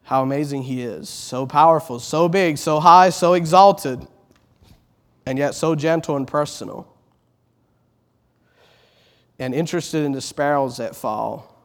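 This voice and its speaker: A middle-aged man preaching a sermon, earnest, repeating words as he builds, rising loud on exalted phrases and dropping soft on tender ones. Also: on the high side, moderate pace.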